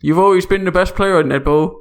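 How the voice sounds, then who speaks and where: A man's voice: high voice, quick pace, voice pushed up. A man voicing Tag, an eager, upbeat young Canadian man, with a put-on Canadian accent. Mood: cheery.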